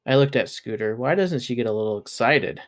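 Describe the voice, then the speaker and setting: A man reading a children's novel aloud in a plain, steady storytelling manner. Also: medium pitch, a little fast. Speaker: reader.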